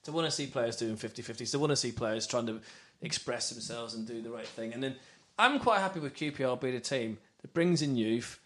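Fast-talking man in animated fan chat. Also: mid-range voice. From Wales. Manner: animated, rambling, self-interrupting. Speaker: podcast host. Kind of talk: casual football fan chat.

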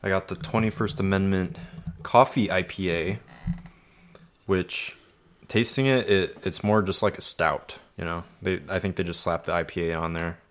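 A man with a very deep voice, appearing as a guest on a casual podcast. He talks in an easygoing, loosely rambling way. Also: steady tone, moderate pace, a bit bright. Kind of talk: casual chat.

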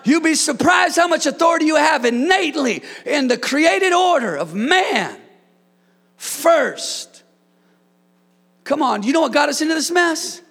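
A man preaching a sermon as a pastor in a church, shouting key lines and cracking jokes in between. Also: very high-pitched, expressive, a little slow, gravelly. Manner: preaching with shouted emphasis and playful asides.

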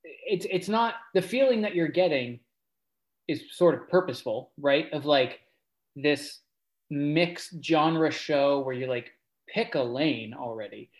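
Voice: mid-range voice, slow. A podcast co-host talking through a show in casual chat, laughing easily. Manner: laughs easily, thinks aloud with restarts.

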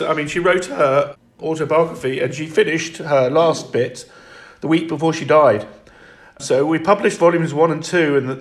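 A man speaking as an interview guest in reflective conversation, halting and restarting often. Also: a little high, reverberant.

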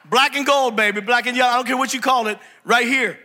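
A man preaching a humorous sermon to a congregation, animated and jokey, often quizzing the crowd. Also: extremely high pitch, fast, few pauses, a little hiss or hum. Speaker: pastor.

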